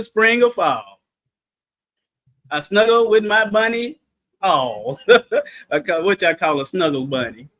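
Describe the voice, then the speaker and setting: A man with a very high, sharp and bright voice teaches a livestreamed Bible study. He talks in a playful, animated way and quizzes his listeners. Now and then he bursts into shouted emphasis.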